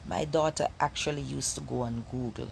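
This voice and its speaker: A woman's voice: extremely low pitch, steady tone, a little fast, vocal fry, darkish tone, a little hiss or hum. A middle-aged Jamaican woman with a Jamaican accent, addressing viewers as a mother in an emphatic, declaring way.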